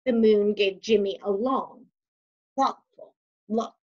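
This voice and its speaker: A woman reading a picture book aloud to children, pausing to ask them questions and gently encouraging their answers. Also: mid-range voice. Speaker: storybook reader to children. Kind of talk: interactive read-aloud storytime. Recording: slightly dull lo-fi recording.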